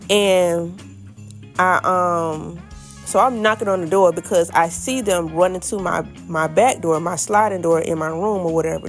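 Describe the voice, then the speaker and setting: A young woman tells a storytime vlog in a casual, animated way, talking straight to her viewers and acting out what people said. Her voice sits fairly low with a gravelly fry, and soft music plays underneath. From Florida. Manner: animated, addresses viewers as y'all, acts out quotes. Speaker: vlogger.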